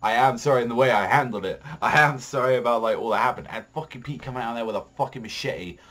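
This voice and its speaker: A man's voice: mid-range voice, fast, fairly bright tone. A young man casually reviewing a TV episode on his vlog, swearing constantly and rambling with heated opinions and lots of fillers. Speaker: TV show reviewer.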